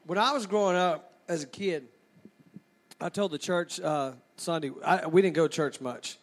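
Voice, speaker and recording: Preacher, male, bright high voice, lively storytelling sermon delivery. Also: normal speed. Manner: animated storyteller, acts out childhood scenes.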